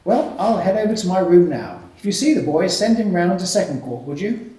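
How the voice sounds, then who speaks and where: A man voicing a courteous, brisk male college tutor, heard in an echoey room from a distance. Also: high-pitched, very animated, dark tone, voice pushed up. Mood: polite, brisk. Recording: echoey room, mic from afar.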